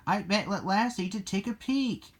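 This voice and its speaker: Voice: mid-range voice, animated, moderate pace, voice pushed up, lightly acted. A reader voicing a nervous, loyal young jackal pup in a storybook reading, with a timid, whimpering delivery.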